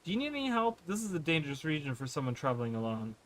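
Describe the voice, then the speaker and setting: A man's voice: a little high, very animated, racing. A man voicing a haughty, rude male wanderer who talks in fancy words, reading the lines aloud and stumbling on long words.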